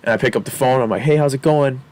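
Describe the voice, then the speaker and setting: A young man in his twenties talks as a podcast guest, telling a personal story in a loose, rambling way. He's candid and chatty, stacking fillers and laughing often, at a middling pitch. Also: fast, darkish tone. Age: 20s. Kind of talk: casual storytelling.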